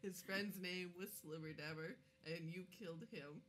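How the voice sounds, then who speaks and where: A woman's voice: lowish voice, fairly even intonation, normal speed, fairly bright tone, a little hiss or hum. A woman narrating as game master of a tabletop game, giggling often.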